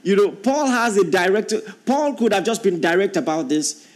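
A man preaching a sermon as pastor, reading scripture and repeating key lines, climbing into drawn-out emphatic passages. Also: sits high, expressive.

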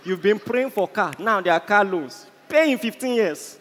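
High, bright-voiced Nigerian preacher in a hall. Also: male voice, animated, moderate pace. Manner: impassioned, storytelling preaching. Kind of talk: sermon. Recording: echoey hall, faint ambience.

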